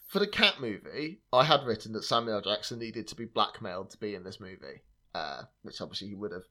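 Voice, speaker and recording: A man's voice: on the low side, lively intonation, fairly quick, bright, forceful tone. A man hosting a podcast, chatting casually about film trivia in a wry, sarcastic way, with plenty of fillers and laughter. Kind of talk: casual chat.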